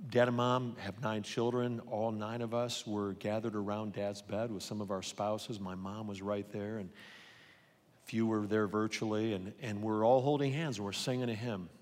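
A man's voice: fairly low pitch, darkish tone. A middle-aged man pastor giving a sermon, earnest and personal, telling stories with frequent restarts. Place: large church hall. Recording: live sermon with long hall reverb.

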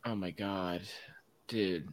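A man's voice: low voice, fairly even intonation, takes it slowly. A man hosting a casual sports podcast, ranting with strong opinions and frequent laughs. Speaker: podcast host.

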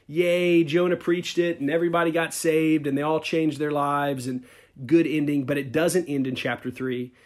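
A man preaching a sermon with a slightly raised pitch. He tells the story in a loose, conversational way, full of casual asides. His delivery stays animated. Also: normal speed. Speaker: pastor.

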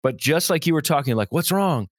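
A man, a pastor hosting a podcast, talking in a casual, animated way and reading quotes aloud. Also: on the high side, a little fast, dry recording, clean studio sound. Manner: animated storytelling, laughs easily, reads quotes aloud.

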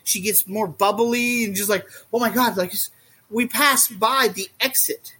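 A man talking as a guest in a casual podcast chat, rambling and animated, often acting out what others say. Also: high-pitched, unhurried, breathy edge. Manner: rambling and animated, acts out quotes. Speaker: guest, reptile keeper.

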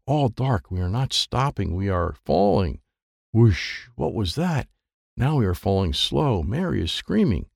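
A man narrating a children's audiobook in a lively first-person voice, adding sound effects as he reads. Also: on the low side, moderate pace, creaky, no room sound, studio quality.

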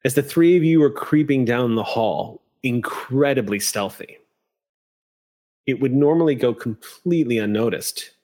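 A man running a tabletop game, narrating scenes in long, descriptive stretches peppered with likes and ums. His voice is mid-pitched and ordinary. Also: normal speed, dark tone. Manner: descriptive, with fillers. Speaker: game master.

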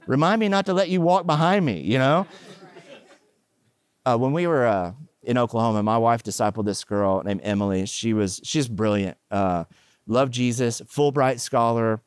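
Joking, chatty pastor, dry sound. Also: male voice, mid-range voice, normal speed, clear, resonant tone, dry recording. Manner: joking, animated asides, chatty fillers. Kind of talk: conversational sermon with humor.

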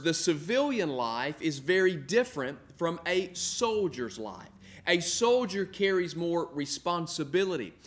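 A middle-aged man preaching with a voice pitched a little above the usual male range. He builds his points through repetition, leans on key words by drawing them out, and speaks as if addressing viewers directly through the camera from an indoor room. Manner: earnest preaching with emphatic repetition, slowing for stress. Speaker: pastor. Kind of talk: sermon. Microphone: filmed for online viewers.

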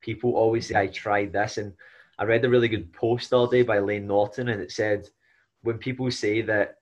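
A man's voice: fairly low pitch, little pitch movement, a little fast, a little mellow. A man hosting a casual podcast as a fellow coach, chatty and agreeable, building on his guest's points. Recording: dull lo-fi audio.

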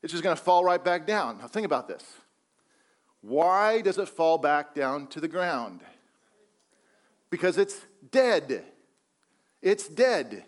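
A man's voice: a little high, big pitch swings, slow, pauses often. A male pastor preaching a sermon, emphatic and repeating his key phrases.

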